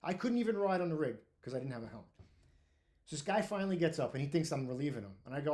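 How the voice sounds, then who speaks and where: A man telling his own firehouse story in a blunt, profane, animated way, full of restarts. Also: on the high side, a little fast. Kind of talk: casual storytelling monologue.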